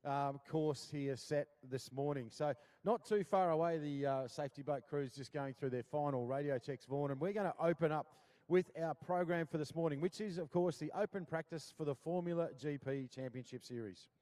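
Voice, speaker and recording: An Australian man calling live powerboat racing, upbeat and chatty, full of shout-outs and "mate". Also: fairly high pitch, moderate pace. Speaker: powerboat race commentator. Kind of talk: live sports commentary.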